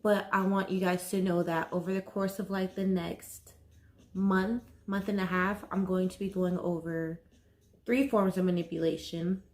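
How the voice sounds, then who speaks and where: A woman vlogger talking to camera about mental health, nervous and slow, halting often and saying "like" a lot. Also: fairly low pitch, flat delivery. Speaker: wellness vlogger. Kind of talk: casual talk to camera.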